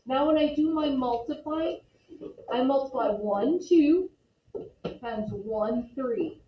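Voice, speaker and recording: A woman teaching a math class with a patient, step-by-step manner, her voice a little higher than most. She is picked up from across an echoey classroom, and the sound is muffled and lo-fi. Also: takes it slowly, recorded from a distance. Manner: patient, explains step by step, calls on students. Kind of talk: classroom lesson. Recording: echoey classroom recorded from afar, dull lo-fi.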